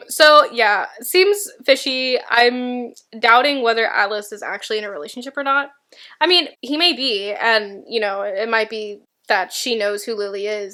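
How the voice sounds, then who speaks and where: A woman's voice: a little high, moderate pace, sharp tone. A young woman chatting casually about a book, rambling with lots of fillers and dry sarcastic asides. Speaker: book vlogger. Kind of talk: casual reading vlog chat.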